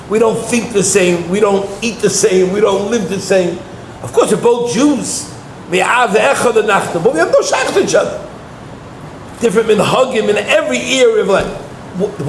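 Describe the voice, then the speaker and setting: A man's voice: sits high, creaky, echoey room, a little hiss or hum, rough recording. A man giving a Torah lecture as a rabbi, telling personal stories and acting out the dialogue with animation. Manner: animated storytelling, acts out dialogue, laughs often.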